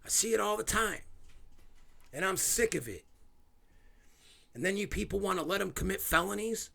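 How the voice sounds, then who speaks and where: A man delivers a heated, sarcastic rant, swearing as he goes. His voice sits a little high and has a gravelly edge. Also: animated, moderate pace, bright, forceful tone. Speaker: video host. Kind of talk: angry ranting commentary.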